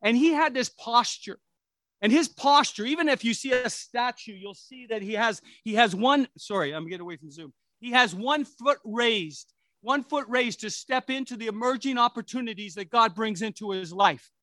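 A middle-aged man preaches as a pastor in a loose, conversational way, often restarting and adding asides. His voice sits high and sounds bright and forward. The recording is dry and close. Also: moderate pace, no echo. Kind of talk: sermon.

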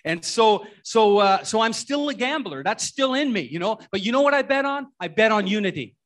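Halting, storytelling male pastor. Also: high-pitched, animated, a bit bright. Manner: halting, repeats words and restarts often; folksy, storytelling. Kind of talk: sermon.

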